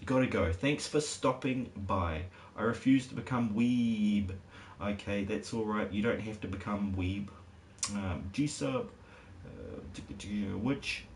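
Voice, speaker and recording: A man who is a parent, streaming a game and rambling casually with jokey asides to his chat. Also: sits low. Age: adult parent. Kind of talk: casual live-stream commentary. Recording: noisy background hiss.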